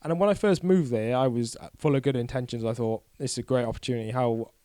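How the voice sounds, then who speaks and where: A man's voice: mid-range voice, quick pace, warm tone, clean tone, no echo. A young man, a podcast guest talking candidly and a bit ramblingly, poking fun at himself. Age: 20s. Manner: candid, rambling, self-deprecating. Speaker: guest cyclist. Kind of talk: casual podcast chat.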